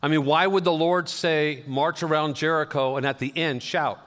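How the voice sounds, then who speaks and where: Man, pastor, sermon, slightly high voice, casual storytelling, long hall reverb. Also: normal speed, a bit bright. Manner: conversational, self-deprecating storytelling with gestures.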